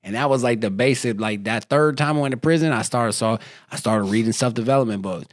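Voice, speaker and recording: Relaxed man with slangy talk, dry sound. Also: medium pitch, a little fast, no echo. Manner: laid-back, slangy, laughs often. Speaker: guest, former prisoner turned entrepreneur. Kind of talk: casual interview chat.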